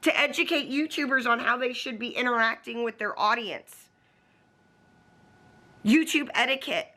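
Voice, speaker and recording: A woman's voice: fairly high pitch, moderate pace, bright, forceful tone. A woman vlogging from home in a casual, blunt, profane rant aimed straight at the camera. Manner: talks to the camera.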